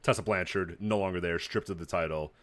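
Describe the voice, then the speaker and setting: Fast-talking man in casual chat. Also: low voice, a bit bright, dry recording. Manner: rambling, loose, swears casually. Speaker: podcast co-host.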